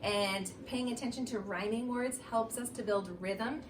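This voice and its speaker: A woman teacher giving a slow, sing-song, encouraging phonics lesson and read-aloud for young children. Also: a little high, recorded from a distance. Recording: roomy echo, voice a little off-mic, faint background noise.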